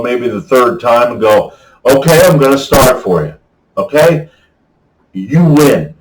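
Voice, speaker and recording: Unhurried man with a rambling, folksy Bible talk, recorded off-mic in a roomy space. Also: medium pitch, distant mic. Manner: rambling, folksy, keeps asking "okay?". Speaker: faith vlogger. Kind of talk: casual Bible talk to camera. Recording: echoey room, voice off-mic.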